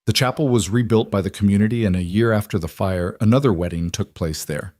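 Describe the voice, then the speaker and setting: Low-voiced male storyteller, dry. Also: a little fast, darkish tone, no room sound. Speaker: narrator. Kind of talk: scripted story narration.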